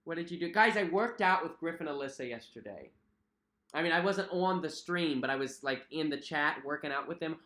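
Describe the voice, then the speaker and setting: A man's voice: on the high side, expressive, a little fast, sharp tone. A young man hosting a casual livestream, chatting in a friendly way, reading out viewer comments and repeating himself with many fillers. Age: young adult. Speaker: cruise vlog host. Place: at home.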